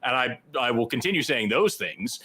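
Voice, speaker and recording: A man's voice: medium pitch, lively intonation, moderate pace, bright, forceful tone, husky. A man co-hosting a call-in show, arguing emphatically with a caller. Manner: emphatic, argumentative. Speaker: co-host. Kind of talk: call-in debate.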